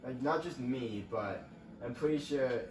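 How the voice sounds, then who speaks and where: A man's voice: mid-range voice, measured pace, noisy background. A young man casually rambling as he plays a racing game for his channel, reacting to the action as it happens. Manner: rambling, chatty, reacting to gameplay. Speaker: gaming channel host. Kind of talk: casual let's-play commentary. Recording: roomy, distant mic with faint ambience.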